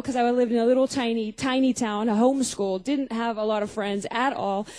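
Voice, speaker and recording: A woman's voice: a little high, steady tone, brisk, hardly any pauses, warm tone, rough recording. A young woman giving a personal testimony sermon, telling stories, acting out scenes and putting questions to her audience. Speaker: speaker at a Christian youth gathering.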